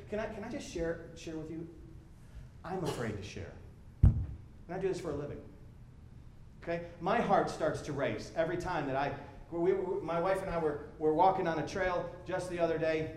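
High-voiced, animated preacher in an echoey church. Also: male voice, moderate pace, long pauses, a little hiss or hum. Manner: animated, conversational preaching with repetitions. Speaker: pastor. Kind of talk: sermon. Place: church sanctuary.

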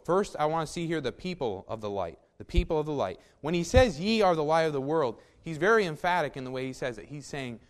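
A man preaching with a voice pitched a little above most men's. His delivery is folksy and emphatic, and he keeps turning to the congregation with quick asides. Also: very animated. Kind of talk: sermon.

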